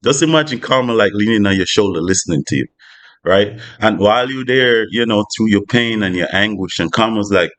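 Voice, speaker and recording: A man's voice: lowish voice, lively intonation, fairly quick, a bit bright. A man giving a casual spiritual talk, loose and conversational with many "you know" asides. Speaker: spiritual vlogger.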